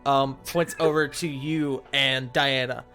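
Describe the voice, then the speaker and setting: A man's voice: mid-range voice, steady tone, slow pace, bright, forceful tone, faint music behind. A man narrating a tabletop role-play as game master, rambling and hedging with filler words. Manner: rambling, full of fillers like "sort of".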